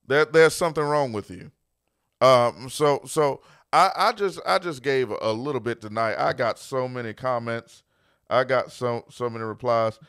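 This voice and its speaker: A man who is a pastor and podcast host, talking in an emphatic preaching style, repeating phrases for stress and dropping quieter to tell a story. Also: mid-range voice, smooth, dry recording, clean studio sound.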